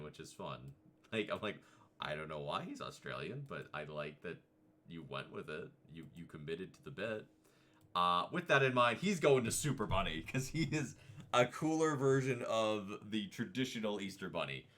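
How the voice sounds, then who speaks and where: A man's voice: sits low, fairly bright tone, slight background noise. A man hosting a casual tier-list video, rambling and chatty with playful asides. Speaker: vtuber host.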